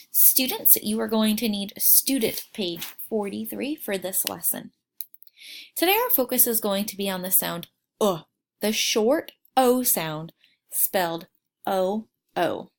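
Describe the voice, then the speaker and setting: A woman teaching a phonics lesson to young children, slowly sounding out words and asking them to repeat. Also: medium pitch, lively intonation, creaky. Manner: slow, exaggerated sounding out of words.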